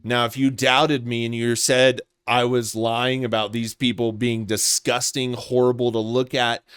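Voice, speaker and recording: A man's voice: medium pitch, level tone, unhurried, a bit bright, smooth, dry recording, clean studio sound. A man delivering a contemptuous, accusatory commentary rant, swearing as he goes. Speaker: commentary vlogger. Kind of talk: ranting commentary.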